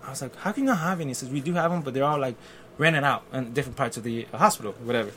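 Racing along in a mid-range voice, with slight background noise, a man casually tells a story from his life. He's animated, acts out what people said, and frequently uses fillers and restarts.

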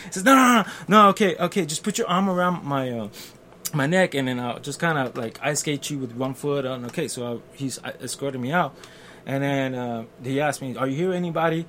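A man with a fairly high-pitched voice speaks quickly, telling a story from his own life in a casual chat. He's animated and imitates the people he quotes, with plenty of fillers and restarts.

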